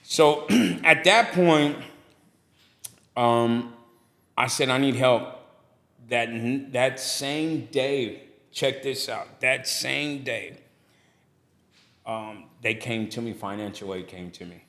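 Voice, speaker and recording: A man's voice: mid-range voice, slow pace, vocal fry, long pauses. A middle-aged man, a guest telling stories on a casual podcast and acting out the people he quotes. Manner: animated storyteller who acts out quoted people. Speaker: guest, barbershop owner and pastor.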